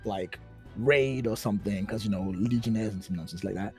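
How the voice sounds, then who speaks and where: A man's voice: fairly low pitch, fairly even intonation, normal speed, faint music behind. A man running a tabletop game, chatty and self-mocking. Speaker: game master.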